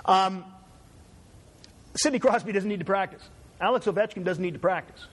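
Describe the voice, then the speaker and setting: A man's voice: high voice, moderate pace, husky. Chatty Canadian man lecturing. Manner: conversational, digressive, frequent "right?" checks. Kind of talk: university lecture.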